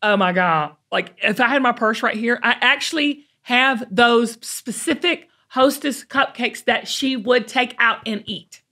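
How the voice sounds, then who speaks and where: Her voice is fairly high and sharp in tone: a middle-aged woman with a Southern US accent, hosting a talk show and telling homespun stories in a chatty manner with drawn-out emphasis.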